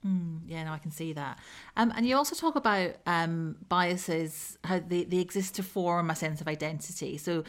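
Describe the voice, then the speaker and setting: A woman's voice: fairly low pitch, moderate pace. A woman interviewing an author, curious and conversational, linking the topics to her own life. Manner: curious, relates topics to herself.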